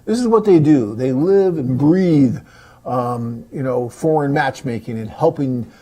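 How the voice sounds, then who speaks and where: A man's voice: medium pitch, measured pace, dark tone. A middle-aged man hosting a live webcast, answering viewer questions in a chatty, upbeat and reassuring way, with many filler words. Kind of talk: casual live Q&A.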